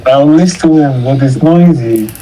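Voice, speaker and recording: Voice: medium pitch, a little slow, dark tone. A friend on a phone call who talks in a playful, teasing way while riding public transport.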